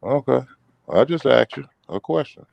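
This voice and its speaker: A man in a casual call-in chat, calmly and persistently repeating pointed questions. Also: medium pitch, normal speed, vocal fry, no echo, dull audio.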